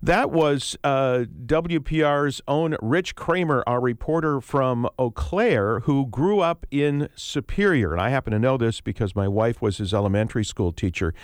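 Male talk radio host, relaxed and conversational, dry close studio mic. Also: mid-range voice, moderate pace, hardly any pauses, no echo. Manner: conversational, easygoing, frequent uh fillers. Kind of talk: radio talk show hosting. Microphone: studio microphone.

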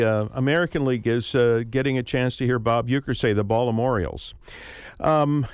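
A man hosting a public radio talk show, speaking in a relaxed, conversational way with frequent fillers, from a radio studio. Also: mid-range voice, clear, resonant tone.

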